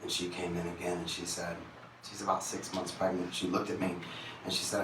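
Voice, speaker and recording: A man's voice: low-pitched, level tone, brisk. Man, singer on stage, candid confessional storytelling, roomy echo, distant mic, faint crowd noise. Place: concert venue stage. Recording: echoey venue, distant mic.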